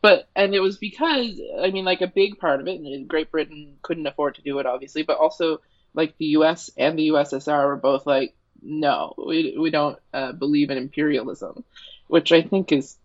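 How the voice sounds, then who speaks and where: A man's voice: on the high side, a little fast. A man co-hosting a podcast in casual chat, thinking aloud and hesitating often. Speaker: podcast co-host. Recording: dull lo-fi sound.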